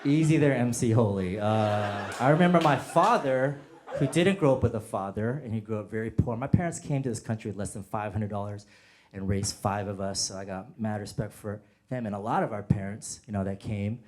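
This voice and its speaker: A man from the United States doing a stand-up set, telling animated stories and acting out bits with sudden shouts. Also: fairly low pitch, a little fast. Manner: animated storyteller, acts out bits and bursts into shouts. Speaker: stand-up comedian. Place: comedy stage with a laughing audience. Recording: noisy live comedy club audio.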